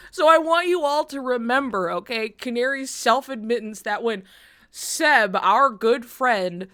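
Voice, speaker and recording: Woman streamer, high voice, casual storyteller, swears and laughs a lot. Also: expressive, unhurried, bright, forceful tone. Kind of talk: casual chat.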